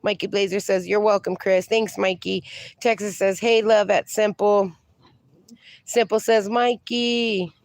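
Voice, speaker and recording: Sniffly lady livestreaming, reads the chat out loud, baby-talks her dogs, dry close sound. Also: mid-range voice, fairly even intonation, unhurried, dry recording. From USA. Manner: reads viewer comments aloud, coos at her dogs. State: sniffly from allergies. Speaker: livestream host.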